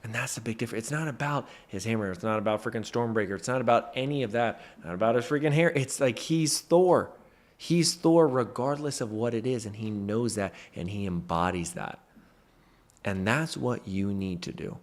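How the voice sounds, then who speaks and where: A man's voice: on the low side, a little fast. A man in a motivational talk to camera, a mentor who speaks emphatically and stresses his points with "freaking".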